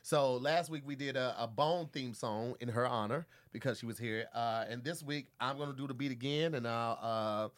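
A man's voice: medium pitch, normal speed, hardly any pauses. A male podcast host in loose, profane comedic banter, introducing guests with hype. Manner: profane, hyped, laughing, MC-style introductions.

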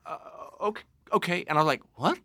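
An actor from Denmark, appearing as a guest in a casual interview, tells animated stories with lots of laughs and frequent sentence restarts. His mid-range voice is brisk, bright and forceful, recorded dry and close in a studio with no echo.

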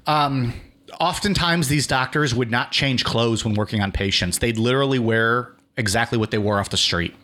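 A man's voice: medium pitch, moderate pace, bright, forceful tone. A man hosting a podcast, reading a history outline and breaking into loose, casual asides. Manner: reads notes, then drifts into filler-heavy "like" chatter. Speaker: podcast host and narrator.

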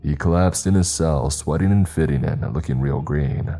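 A man's voice: extremely low pitch, normal speed, mellow. A man voicing a lazy male prison guard who talks in a smarmy, patronizing way.

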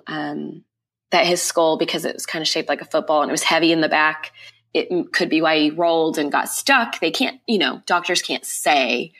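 A young woman with a low-set voice tells a personal testimony as a podcast guest. She talks with raw emotion and repeats phrases as she relives events. The delivery is an unscripted interview retelling. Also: a bit bright.

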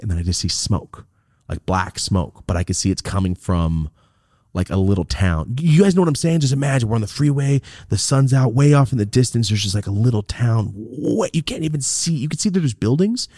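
A man's voice: fairly low pitch, animated, a little fast, dark tone, dry recording, clean studio sound. A man casually telling a rambling, profane road-trip story as a podcast host.

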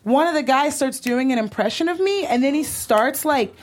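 High-voiced animated woman telling stories. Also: moderate pace. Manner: animated, acts out quotes, gets loud when retelling anger. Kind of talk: casual chat, storytelling.

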